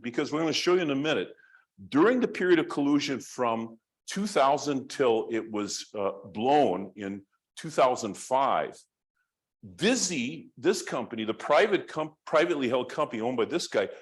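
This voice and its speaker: A man giving a university lecture, telling a story in a rambling, conversational way with many restarts. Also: a little high.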